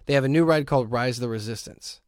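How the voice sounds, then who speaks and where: A man hosting a podcast, telling a long story in a casual, animated way and often breaking into laughter. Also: medium pitch, fast, dry recording, studio quality. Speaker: podcast host.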